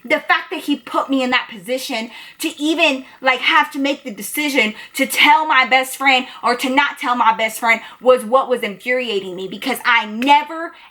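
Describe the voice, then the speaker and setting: A woman telling a personal story to her viewers in a casual, animated way, swearing and acting out both sides. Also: sits high, normal speed, few pauses, slight background noise. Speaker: storytime vlogger. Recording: echoey room.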